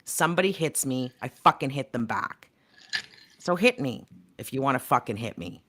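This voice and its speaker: A young woman co-hosting a talk show, furious and swearing with every line. Her voice sits low but leaps up and down as she fires off her combative rant. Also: animated, normal speed, fairly bright tone. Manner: angry, profane, combative. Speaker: co-host. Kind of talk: heated casual chat.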